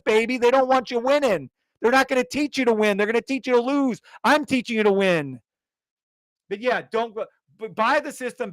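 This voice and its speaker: A man's voice: high voice, fairly bright tone, no room sound. A man giving an insistent, fired-up sales rant on a live stream, repeating himself and swearing. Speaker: trading course seller.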